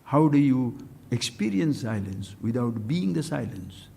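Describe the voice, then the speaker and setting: A man's voice: medium pitch, sing-song, measured pace, creaky, warm tone, breathy edge. An older man giving a spiritual discourse, switching between explanation, acted-out dialogue and chanted Sanskrit verses. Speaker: spiritual teacher.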